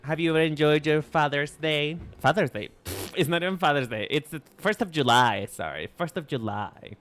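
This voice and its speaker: A man with a Mexican accent chats on his live stream, playful and rambling, often restarting his sentences. His pitch swings a lot while he talks. Soft music plays behind him. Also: animated, moderate pace. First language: Spanish. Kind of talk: casual live-stream chat. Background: faint music.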